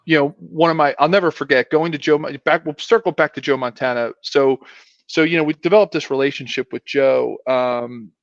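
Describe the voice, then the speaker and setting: A middle-aged former pro football player from South Philadelphia, a guest in a casual interview, rambles through old stories in a self-deprecating way, looping back and restarting. He talks briskly in a slightly higher-than-usual voice with some vocal fry. The audio is muffled and dull, with no echo.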